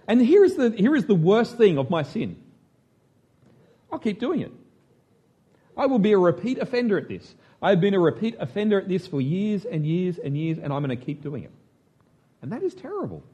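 Husky, high-voiced chatty preacher man. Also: sing-song, moderate pace, long pauses, warm tone, muffled recording. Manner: self-mocking, chatty, asks the room questions. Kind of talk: conversational sermon.

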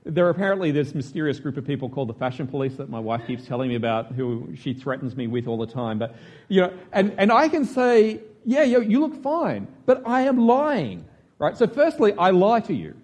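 A male preacher with a husky voice that sits high for a man. He talks in a chatty, self-mocking way and keeps checking in with the room. It comes across as an informal sermon. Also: very animated, brisk, darkish tone. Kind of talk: conversational sermon.

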